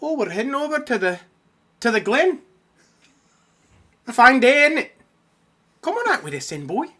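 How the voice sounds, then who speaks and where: A man's voice: very high voice, big pitch swings, moderate pace, bright, forceful tone, voice pushed up, heavily acted. A man voicing a cheery Scottish countrywoman in a put-on Scottish accent that drifts toward Australian.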